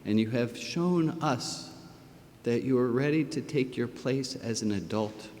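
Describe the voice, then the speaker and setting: A man's voice: unhurried, a little mellow. A middle-aged man speaking as a rabbi at a ceremony, emotional and tender, close to tears. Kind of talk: heartfelt ceremony speech. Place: large hall at a ceremony. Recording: echoey hall, faint rumble.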